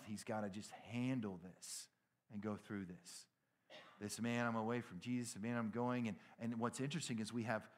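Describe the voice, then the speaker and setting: A middle-aged man with a Southern American accent, preaching in a casual, storytelling way that acts out dialogue, jumping from loud and high to hushed and low. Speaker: pastor. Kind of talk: sermon.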